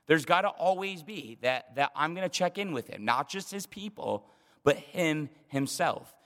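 A man's voice: fairly high pitch, expressive, normal speed, fairly bright tone, long reverb tail. A man preaching a sermon in an earnest way, often repeating words as he builds emphasis. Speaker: pastor.

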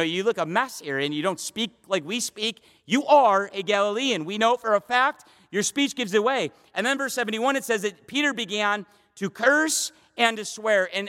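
A male pastor preaching a sermon, emphatic and swinging between loud declarations and hushed asides, in a church. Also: sits high. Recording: long hall reverb.

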